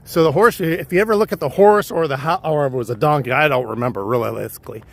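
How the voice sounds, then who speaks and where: A man's voice: on the high side, fast, gravelly. A man livestreaming while hiking a trail, casually telling a wandering, profane story. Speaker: livestream vlogger. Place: outdoor hillside trail.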